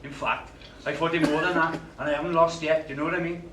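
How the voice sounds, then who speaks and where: A man's voice: a little high, steady tone, fast talker, noisy background, close to an everyday voice. A man performing a live stage monologue as a cantankerous, swearing older man complaining in a hospital waiting room. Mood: indignant. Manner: gruff, complaining, swearing, bossy. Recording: roomy live stage sound, distant mic.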